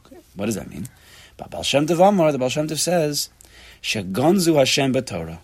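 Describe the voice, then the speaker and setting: In a slightly high, somewhat rough voice, a man talks fast as he gives an informal Torah class to a small group. He's spirited, repeats phrases, and blends in Hebrew and Yiddish.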